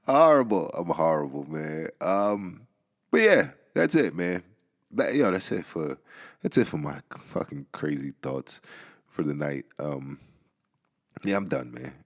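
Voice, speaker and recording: Deep-voiced rambling profane man. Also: very animated, a little slow. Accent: Southern US, Georgia. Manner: rambling, profane, laughs often. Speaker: podcast host. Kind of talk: casual solo podcast monologue.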